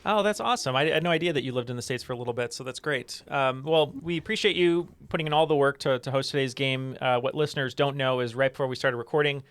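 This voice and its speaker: A man hosting a trivia podcast, talking casually and warmly with plenty of ums and uhs. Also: mid-range voice, fast talker, few pauses, clear, resonant tone. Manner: friendly, filler-heavy. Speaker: podcast host.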